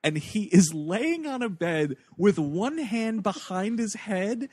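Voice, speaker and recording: A man talks loosely and animatedly about a movie, slipping into quoted voices for the characters. His voice sits a bit high, and the sound is dry and close. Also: takes it slowly, husky, no room sound. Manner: animated, acts out quoted lines, swears casually. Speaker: podcast co-host. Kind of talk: casual movie-discussion chat.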